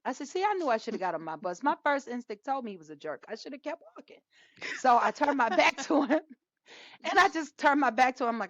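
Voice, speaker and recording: Middle-aged woman, casual storytelling, laughs a lot, lively pitch, dry dull recording. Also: fast, no echo. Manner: animated storyteller, laughs often, acts out quoted lines. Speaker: podcast co-host.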